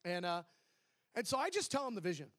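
A man preacher with a fairly high voice tells his testimony to a congregation. He moves from quick excited runs to slow emphasis and acts out the dialogue as he goes. The sound is dry and close, with no room echo. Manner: animated, swings between fast excited bursts and slow emphasis.

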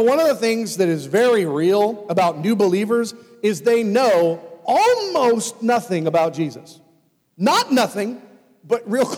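A man preaching a sermon as pastor, animated and swinging between loud emphasis and hushed asides. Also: high voice. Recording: long hall reverb.

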